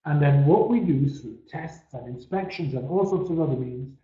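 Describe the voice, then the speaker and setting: A man's voice: fairly high pitch, normal speed. A man giving a webinar presentation, stressing key words and letting phrase ends trail off, often repeating words as he restarts. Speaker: webinar speaker. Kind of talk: presentation talk. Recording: echoey, dull-sounding room recording.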